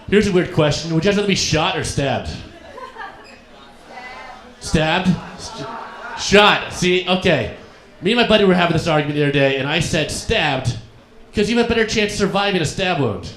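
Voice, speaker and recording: A young man from Colorado doing a stand-up set on a comedy club stage. He tells his stories deadpan and acts out the other people in them. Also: fairly high pitch. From Colorado, USA. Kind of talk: stand-up routine. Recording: echoey club room with a laughing crowd.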